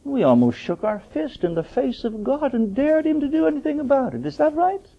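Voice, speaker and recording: A man preaching a sermon with fervent rhetorical questions, his voice climbing to high emphatic peaks. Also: lively intonation, a little fast, vocal fry. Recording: dull lo-fi sermon recording.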